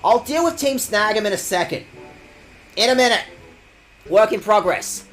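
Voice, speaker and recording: A man's voice: sits high, animated, normal speed, a bit bright. A young man streaming a video game, swearing and mock-outraged as he reads the game text aloud and talks to chat. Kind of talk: casual let's-play commentary.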